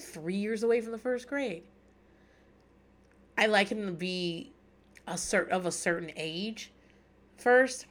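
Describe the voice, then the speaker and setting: A woman's voice: lowish voice, fairly bright tone. A woman in her thirties hosting a podcast, recapping a reality show in a chatty, profane, wry way. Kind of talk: casual solo recap chat.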